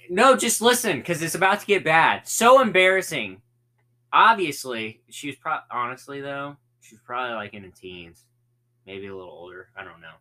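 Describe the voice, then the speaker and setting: A man's voice: on the low side, pushed and bright. A young man co-hosting a casual podcast, joking and rambling, often repeating words. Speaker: co-host. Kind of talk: casual chat.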